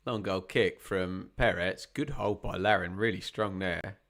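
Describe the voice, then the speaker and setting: Speaking in a deep voice at a measured pace, a man commentates live on a football game for a watch-along stream. His talk is chatty and full of wry remarks, and scoring chances get him worked up.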